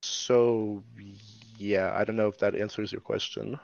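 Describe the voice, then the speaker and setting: A man's voice: fairly low pitch, level tone, measured pace, gravelly, a little mellow, dry recording. Young man from Tajikistan, casual interviewee, resonant voice, slightly muffled dry recording. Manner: laid-back, rambling with many fillers.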